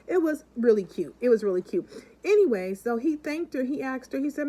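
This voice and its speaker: A woman's voice: sits high, lively intonation, brisk, mellow, low-quality recording. A woman vlogger chatting casually with her viewers and telling stories, acting out the people in them. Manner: chatty, keeps calling out to the viewers. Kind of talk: casual chat and storytelling to viewers.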